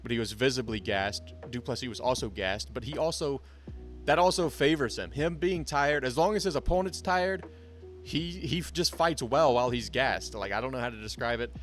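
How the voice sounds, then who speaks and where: A man's voice: medium pitch, moderate pace, faint music behind. A young man giving a casual, blunt and profane breakdown of fight results, full of strong opinions. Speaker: MMA commentator.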